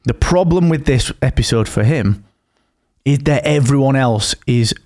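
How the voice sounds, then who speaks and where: A man in easy podcast conversation, taking his time and circling back to his points. His speech is loose and full of blunt slang. His voice sits in an ordinary middle pitch. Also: unhurried. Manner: relaxed and rambling, with blunt slang. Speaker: podcast co-host. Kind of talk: casual chat.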